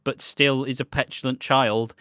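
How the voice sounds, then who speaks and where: A man's voice: mid-range voice, flat delivery, normal speed, fairly bright tone, clean tone, dry recording, clean studio sound. A man co-hosting a podcast, rambling through a soap recap and swearing freely. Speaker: podcast co-host. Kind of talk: casual chat recapping a soap.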